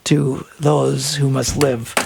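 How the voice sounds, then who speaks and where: A man hosting an advice talk show, telling a comic story in an animated way and laughing often mid-sentence. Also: medium pitch, slow pace, gravelly, noisy background. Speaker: radio show host. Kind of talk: comedic relationship advice talk.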